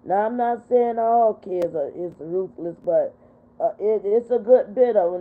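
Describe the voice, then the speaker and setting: An older woman hosting a casual livestream, talking in a heartfelt, repetitive way while she is upset but steady. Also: mid-range voice, measured pace. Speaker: livestream host. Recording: tinny phone-like sound.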